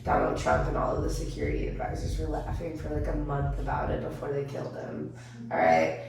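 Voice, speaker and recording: A woman's voice: deep voice, big pitch swings, fairly quick, creaky, a crowd in the background. A young woman comedian in casual chat, joking loosely, swearing and mocking herself. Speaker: comedian guest. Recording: echoey room, mic at a distance.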